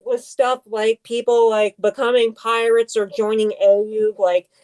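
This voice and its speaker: A woman's voice: on the high side, little pitch movement, unhurried, a little mellow. A woman co-hosting a podcast, chatting casually in rambling tangents full of "like". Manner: rambling, heavy use of "like", tangents. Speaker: podcast co-host. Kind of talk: casual chat.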